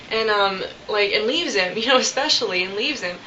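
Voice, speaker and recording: A young woman talks straight to her webcam in a bright voice, spinning a story in a chatty, animated way with plenty of "like" and "um". The sound is dull and lo-fi, with a faint hiss underneath. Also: medium pitch, normal speed. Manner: chatty, animated, many fillers and quoted asides. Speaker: vlogger. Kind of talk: casual storytelling vlog.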